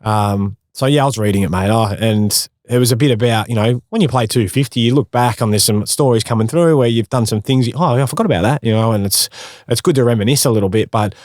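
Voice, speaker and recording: A man in his thirties with an Australian accent, a former footballer telling stories in a casual interview, matey and quick to laugh. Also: mid-range voice, a little mellow, dry recording, studio quality. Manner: matey, laughing, acts out quotes.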